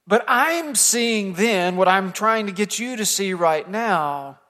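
A man from the United States preaching a sermon to his church, telling a story earnestly and rising to emphatic points before dropping soft. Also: high-pitched, slow, long reverb tail. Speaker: pastor. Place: church sanctuary.

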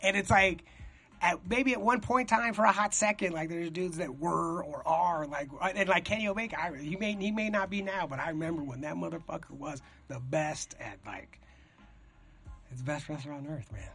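A young man rambling in a casual, profane chat, getting excited as he talks. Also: a little high, moderate pace.

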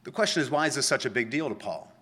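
A man preaching a sermon, explaining scripture in a conversational teaching manner, checking in with the listeners and slowing down to quote verses with emphasis. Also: mid-range voice, lively intonation, a bit bright, slightly rough. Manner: conversational teaching, frequent "right?" tags, slow emphatic quoting of scripture. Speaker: pastor.

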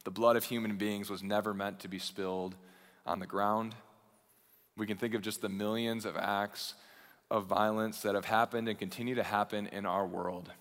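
A man preaching a sermon as a pastor, shifting between raised intensity and hushed, quiet passages. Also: lowish voice, level tone, moderate pace. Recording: long hall reverb.

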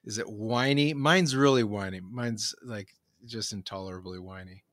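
A man in casual conversation, talking in a halting, reflective way with many fillers and restarts. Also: fairly low pitch, fairly bright tone, dry recording, clean studio sound. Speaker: conversation partner.

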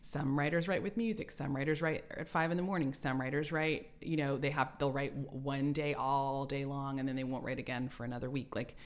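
Low-pitched woman in her forties, chatty author guest who laughs often. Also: fairly quick, hardly any pauses. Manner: animated storyteller, laughs often. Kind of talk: casual interview chat.

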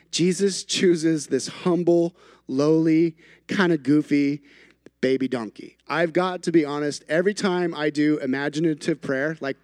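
High-voiced emphatic male preacher. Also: darkish tone, dry recording, clean studio sound. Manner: emphatic, builds through repeated phrases with playful asides. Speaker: pastor. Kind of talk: sermon.

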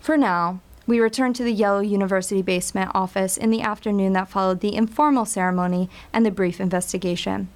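A woman reading a scripted story in a measured, wry storytelling voice. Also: medium pitch, steady tone, a little mellow. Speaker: narrator.

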